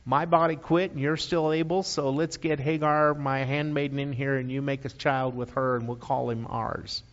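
A man's voice: mid-range voice, level tone, normal speed, close to an everyday voice. A man preaching who voices the aged Sarah as a blunt, resigned old woman, barely changing his own voice. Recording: dull audio with long hall reverb.

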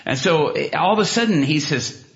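A man tells a story while preaching, brisk and animated, full of restarts and asides. When he acts out what people said, he leaps into loud, high bursts. The sermon has a dull lo-fi sound.

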